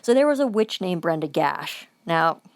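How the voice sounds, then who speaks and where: A woman's voice: on the low side, big pitch swings, normal speed, no echo. A woman giving an angry, profane vlog monologue, repeating phrases for emphasis.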